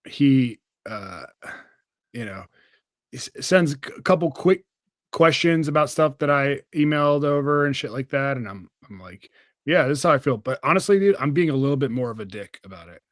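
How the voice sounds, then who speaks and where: A man's voice: mid-range voice, normal speed, long pauses, dry recording. A young man hosting a podcast, chatting casually, with a rambling, profane way of talking and lots of fillers. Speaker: podcast host. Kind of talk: casual chat.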